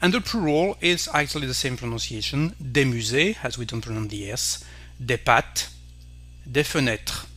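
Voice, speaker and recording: A man with a French accent, a native French speaker, teaching pronunciation carefully and repeating each word slowly. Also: mid-range voice, pushed and bright. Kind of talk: slow pronunciation lesson.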